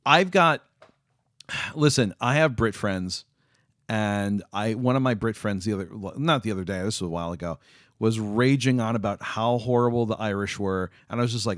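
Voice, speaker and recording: A man's voice: lowish voice, moderate pace, a bit bright, no room sound, studio quality. A man chatting casually with viewers on a live stream, rambling with lots of fillers and restarts. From United States.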